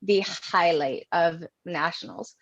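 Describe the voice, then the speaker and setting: A woman's voice: fairly low pitch, slow pace. A woman, chatting earnestly as an interview guest and telling her story in detail. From Canada. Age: early 20s. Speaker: guest athlete. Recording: dull lo-fi audio.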